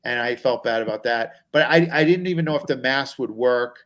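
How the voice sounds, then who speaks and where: A man's voice: mid-range voice, fairly quick, fairly bright tone. A man, a comedian guest, telling stories about himself in a rambling, self-deprecating, anxious way. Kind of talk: casual comic storytelling.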